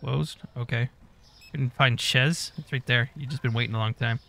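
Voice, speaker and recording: A man's voice: medium pitch, fairly even intonation, moderate pace, gravelly, pushed and bright. A man giving casual gameplay commentary, muttering to himself as he goes and swearing often. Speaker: gaming YouTuber.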